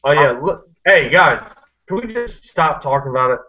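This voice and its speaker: A man's voice: fairly high pitch, lively intonation, moderate pace. A man on a group video call, pushy, interrupting and repeating his questions. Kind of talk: casual chat on a video call. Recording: dull lo-fi video call audio.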